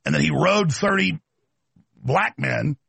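A man's voice: a little high, takes it slowly, gravelly, bright, forceful tone, husky, no echo. A man hosting a talk show, delivering an aggressive, mocking rant. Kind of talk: combative talk show monologue.

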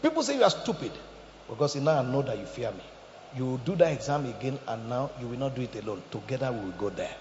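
A man preaching a sermon as pastor, emphatic and joking, swinging between loud bursts and quiet asides. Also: mid-range voice, sing-song, fast, a little hiss or hum. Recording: echoey hall, slightly dull sound.

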